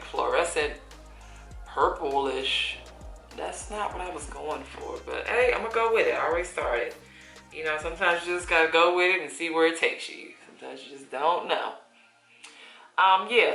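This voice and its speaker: A beauty vlogger in her thirties chats casually while applying her makeup, laughing often and using folksy slang. Her voice is low-pitched, creaky, and sharp in tone. The room is echoey, and faint music plays in the background.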